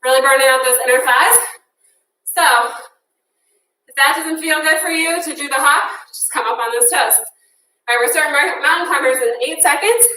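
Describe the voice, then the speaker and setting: A high, bright-voiced woman leads a workout, chatty and upbeat, counting reps while short of breath. She sounds a few steps from the camera in an echoey room, with a faint hiss behind her. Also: moderate pace, recorded from a distance. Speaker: fitness instructor. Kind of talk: live workout coaching.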